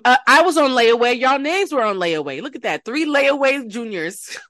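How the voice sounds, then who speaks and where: A podcast co-host chatting casually, animated and joking, telling quick stories. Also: medium pitch, no echo, clean studio sound. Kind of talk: casual chat.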